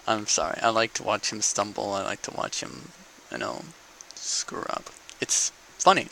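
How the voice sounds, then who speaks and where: A man's voice: on the low side, wildly swooping pitch, a little slow, gravelly, pushed and bright, poor audio. A young man in a casual, profane political rant to camera, asking "okay?" between points. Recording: faint background noise.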